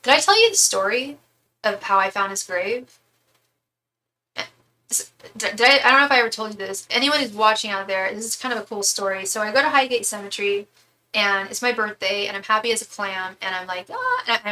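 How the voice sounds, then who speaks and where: A woman's voice: medium pitch, a little fast, pushed and bright, a little hiss or hum. A young woman reading tarot on a live stream, rambling and chatty, full of fillers as she tells stories. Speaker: tarot reader and psychic medium. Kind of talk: casual live-stream chat.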